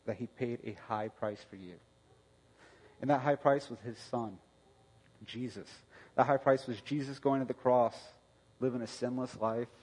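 A middle-aged man preaching a conversational sermon, telling a family story with restarts and sudden loud bursts. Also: mid-range voice, husky. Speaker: pastor. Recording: long reverb of a hall.

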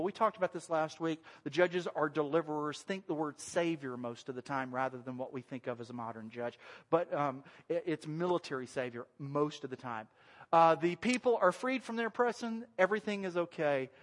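A male pastor preaching a sermon in a church, talking in a conversational, animated way and joking with the congregation. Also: fairly high pitch. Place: church sanctuary. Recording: long reverb of a large hall.

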